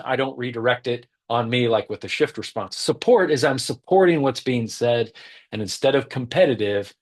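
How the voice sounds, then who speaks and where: Earnest, emphatic male teacher. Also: mid-range voice. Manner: earnest, emphatic, repeats key points. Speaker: leadership teacher. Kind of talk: teaching talk.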